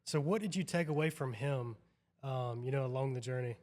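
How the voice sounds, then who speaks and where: A man's voice: medium pitch, a little fast, darkish tone. A man hosting a podcast, agreeable and casual, saying "yeah" and "dude" a lot. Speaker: podcast host.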